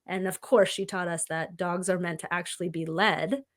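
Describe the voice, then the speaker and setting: A woman on a podcast, calmly and earnestly telling a reflective personal story. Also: fairly low pitch, moderate pace. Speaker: podcast guest. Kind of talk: conversational podcast chat.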